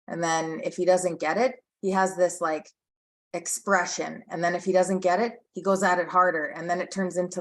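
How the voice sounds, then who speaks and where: A woman's voice: lowish voice, fairly even intonation, fairly quick. A woman in her thirties on a recovery podcast, talking in a loose, rambling way with lots of restarts and fillers. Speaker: podcast co-host.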